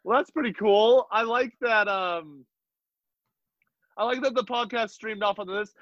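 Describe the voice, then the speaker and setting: A man co-hosting a podcast in casual chat, animated and swearing freely. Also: high-pitched, a little slow, no room sound. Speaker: podcast co-host. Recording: dry, dull lo-fi sound.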